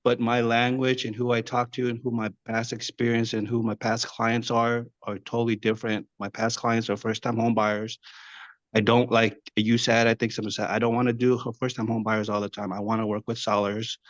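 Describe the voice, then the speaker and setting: A man's voice: medium pitch, little pitch movement, moderate pace, no echo. A man asking an earnest, rambling question over a video call. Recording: dull lo-fi video call audio.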